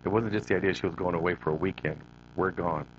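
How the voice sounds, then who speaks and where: A man's voice: deep voice, steady tone, fast talker. A middle-aged man from Northern California telling his childhood story to an audience, turning to them with questions and acting out his younger self. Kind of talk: personal testimony to an audience. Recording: dull lo-fi recording with faint hum.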